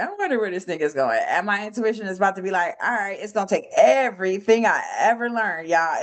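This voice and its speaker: A young adult woman running a casual trading lesson, loose and slangy, swearing freely and rising sharply when she retells a story. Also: medium pitch. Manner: animated when retelling stories, voice jumps up. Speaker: trading mentor. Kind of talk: casual teaching session on a call.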